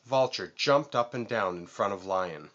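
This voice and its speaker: Low-voiced uncle reading a storybook. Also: male voice, expressive, measured pace, a bit bright, dull audio, a little hiss or hum. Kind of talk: storybook read-aloud.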